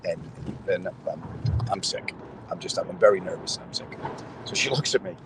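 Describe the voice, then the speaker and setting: Against a noisy background, a middle-aged comedian chats with viewers in a city square at a moderate pace. His low voice has lively intonation as he spins stories and addresses his audience in asides.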